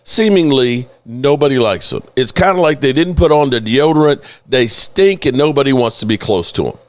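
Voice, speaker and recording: A man's voice: mid-range voice, normal speed, no echo. A man hosting a live sports talk stream, loose and joking, swearing freely as he greets viewers by name. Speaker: host of a sports news channel.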